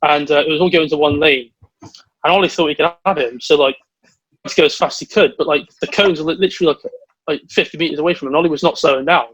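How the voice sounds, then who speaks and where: A young English man with a fairly high voice co-hosts a podcast, spinning long, rambling stories in quick, excitable casual chat. The recording is dry and lo-fi.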